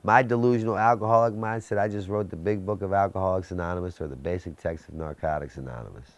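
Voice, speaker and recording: A low-voiced man in his thirties talks fast in a dry recording with no room sound. He delivers an intense testimony of his own addiction and recovery, building it up through rhetorical questions.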